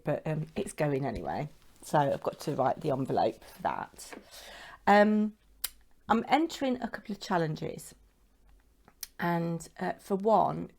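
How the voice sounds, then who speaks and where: A middle-aged woman with a British accent talks casually to her camera from a home craft room, rambling from one handmade piece to the next. Her voice sits fairly low and has a gravelly, creaky edge to it. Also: a little mellow. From United Kingdom. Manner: chatty and rambling, showing crafts. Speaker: craft vlogger.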